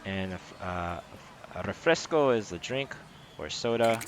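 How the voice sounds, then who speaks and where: Halting American man translating a game. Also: sits low, lively intonation, a little hiss or hum. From United States. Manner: halting, self-correcting, full of fillers. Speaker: gameplay host translating dialogue. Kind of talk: casual gameplay commentary.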